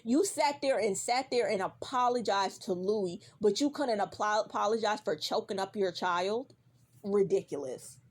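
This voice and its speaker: A woman's voice: medium pitch, moderate pace, slightly rough. Heated, profane woman ranting. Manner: profane, heated, repeats for emphasis; addresses a character directly. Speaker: vlogger. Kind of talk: casual reaction rant.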